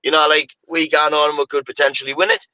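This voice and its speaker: A man's voice: on the high side, little pitch movement, quick pace, pushed and bright, no echo, lo-fi sound. A man, ranting animatedly about football on a casual podcast, full of "mate" and "you know, like". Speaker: podcast co-host.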